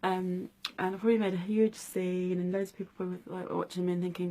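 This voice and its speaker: A woman in her twenties telling a personal story in a vlog, speaking softly and hesitantly with many pauses and fillers. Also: fairly low pitch, little pitch movement, slight background noise. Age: 20s. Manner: hesitant, many ums, soft-spoken. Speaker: vlogger.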